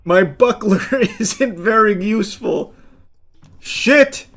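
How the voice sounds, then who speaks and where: A man giving live gaming commentary, breaking into excitable shouted outbursts and profane, self-mocking asides. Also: on the high side, measured pace. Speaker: gaming streamer.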